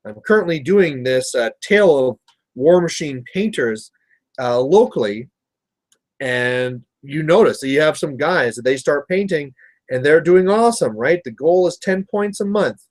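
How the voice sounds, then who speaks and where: Chatty Canadian man, slightly high voice. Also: animated, unhurried. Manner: rambling storyteller, chatty with viewers. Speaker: miniature painting livestream host. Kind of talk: casual chat while painting.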